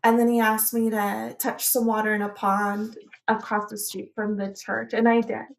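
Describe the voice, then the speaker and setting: A woman's voice: a little high, flat delivery, moderate pace, creaky, echoey room. A woman vlogger telling a personal story in a casual, meandering way, hesitating and restarting often.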